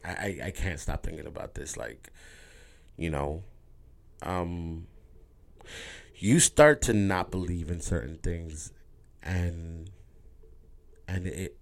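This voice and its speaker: Low gravelly man, rambling candid talk. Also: slow pace, long pauses. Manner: rambling, repeats words, swears casually. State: emotional. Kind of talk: candid personal monologue.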